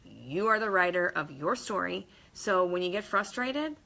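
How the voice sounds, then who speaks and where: Bright, emphatic motivational woman. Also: fairly low pitch, normal speed, creaky. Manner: emphatic, energetic, blunt with mild swearing; acts out quotes in varied voices. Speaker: motivational vlogger. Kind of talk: casual motivational talk to camera.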